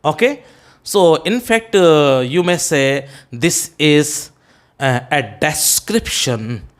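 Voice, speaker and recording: A male English teacher with an Indian accent lectures on a poem, often asking "okay?" and spelling terms letter by letter. His voice is on the high side and expressive, with hesitant restarts and many "uh"s.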